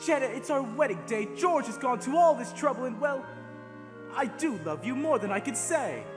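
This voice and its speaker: A young man plays a lovestruck groom who pleads earnestly in a high, lively voice. Music plays clearly behind him on an echoey stage. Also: moderate pace. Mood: pleading. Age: teens. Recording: reverberant auditorium stage with music.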